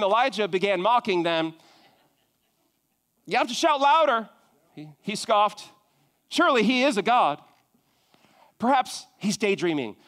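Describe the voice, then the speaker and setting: A man preaching a sermon, retelling a scripture story with conversational asides, dropping to hushed intimate moments and rising to emphatic calls. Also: high-pitched.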